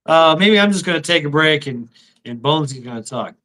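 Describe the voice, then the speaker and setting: A middle-aged man hosts a casual livestream, crude and profane, laughing often while sounding tired and out of breath. His voice is a little high, pushed and bright, fairly quick, with lively intonation.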